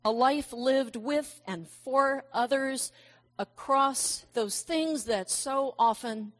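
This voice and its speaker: A middle-aged woman preaching a sermon at an unhurried pace. Her voice sits a little high, and she speaks gently and reflectively, slipping into warm personal stories.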